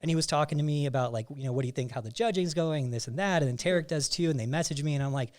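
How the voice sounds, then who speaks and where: A man, a coach and podcast host, telling a rambling, animated story with lots of "like" fillers. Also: a little high, very fast. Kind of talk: casual storytelling chat.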